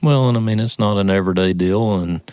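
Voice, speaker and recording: A man co-hosts a podcast and backs his partner with short, calm replies. His voice sits very low. The recording is dry and close. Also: quick pace, smooth, dry recording. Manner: calm, supportive, brief replies. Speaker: podcast co-host. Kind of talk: casual conversational podcast talk.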